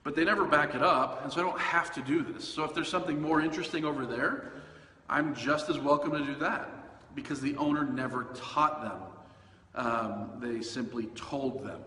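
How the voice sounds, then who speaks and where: A man's voice: mid-range voice, normal speed, sharp tone. A man hosting a casual dog-training podcast, talking in a loose, conversational way with fillers and self-corrections. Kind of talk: casual solo podcast talk. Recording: echoey room with long reverb and faint hiss.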